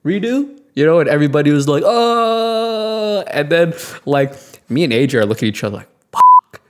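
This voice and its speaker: Very fast and fairly high-pitched, a podcast co-host rattles through a story during casual chat. He's animated, laughing, and voices the people in the story as he quotes them.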